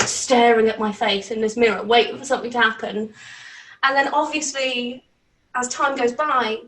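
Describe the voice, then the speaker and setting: A woman with a British accent telling a story in a casual, animated way, laughing often and swearing. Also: on the high side. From Britain. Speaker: channel host. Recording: roomy, distant from mic.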